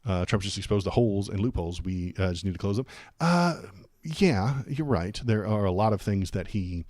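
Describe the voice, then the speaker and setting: A man hosting a live political stream rambles through his reactions in a low voice, with sarcastic asides and muttered curses. The sound is close and dry, with no room echo at all. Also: animated, moderate pace, darkish tone. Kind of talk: casual political commentary and reaction.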